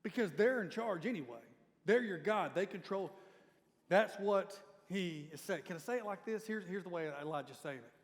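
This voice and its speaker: A man's voice: high-pitched, lively intonation, normal speed. A man preaching a sermon as lead pastor, speaking conversationally and appealing directly to his congregation. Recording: reverberant church hall.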